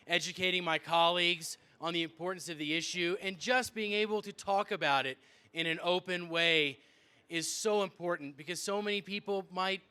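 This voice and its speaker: A man's voice: fairly high pitch, bright, forceful tone, clear, resonant tone. A man, a state legislator, giving an earnest, rousing speech to a rally crowd. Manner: earnest, rousing public address.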